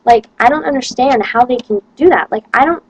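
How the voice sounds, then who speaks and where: A woman's voice: fairly high pitch, a little fast, slightly rough, no echo, lo-fi sound. A young woman, a college student, rambling casually to camera and complaining with lots of "like". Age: young adult.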